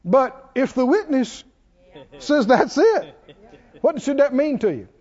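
High-voiced preaching man, lively. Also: slow, highs cut off. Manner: preaching with call-and-response to the congregation. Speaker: pastor. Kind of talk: sermon.

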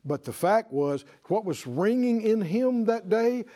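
His voice sits high and his pace is measured as this man preaches a sermon. Animated and emphatic, he extends key phrases and builds up to exclamations.

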